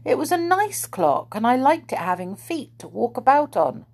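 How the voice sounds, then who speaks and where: A woman reading aloud, voicing an excited little fairy girl in a storybook. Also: fairly high pitch, normal speed, voice pushed up. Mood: wistful.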